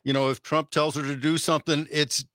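A man's voice: fairly high pitch, level tone, brisk, a bit bright, dry recording, studio quality. A male co-host on a talk radio show, speaking plainly and restarting phrases.

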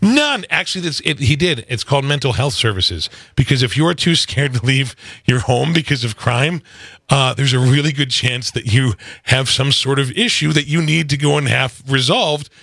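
A man's voice: medium pitch, moderate pace, vocal fry, fairly bright tone, no echo. A man co-hosting a casual political talk show, sarcastic, often restarting with repeated words.

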